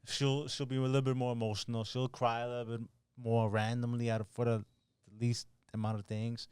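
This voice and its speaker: A man's voice: mid-range voice, little pitch movement, fairly quick, a little mellow, smooth, no room sound. A man who is a guest on a podcast, giving blunt, profane opinions in casual chat.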